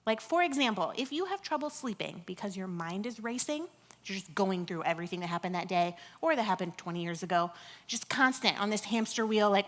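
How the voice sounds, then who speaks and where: A woman in her thirties preaching a sermon in a conversational, animated way, often dropping to a hush. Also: on the high side, normal speed. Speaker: pastor.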